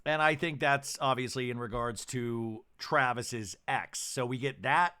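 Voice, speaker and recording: A man's voice: medium pitch, a little slow, sharp tone, clear, resonant tone. A man hosting a podcast, campily recapping a reality show episode with chatty asides. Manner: campy, chatty, full of asides and fillers. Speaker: podcast host.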